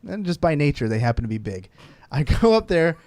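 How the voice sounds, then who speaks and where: A man co-hosting a podcast, telling an animated, profane travel story with lots of "like"s and frequent laughs. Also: a little high, a little fast, no room sound. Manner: animated, profane, rambling anecdote with many "like"s. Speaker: podcast co-host. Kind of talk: casual storytelling.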